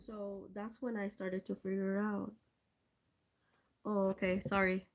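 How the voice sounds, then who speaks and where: A woman's voice: mid-range voice, little pitch movement, unhurried. A woman hosting a live stream from her cell phone, telling a rambling story in a chatty way and talking to her viewers by name. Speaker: livestream host.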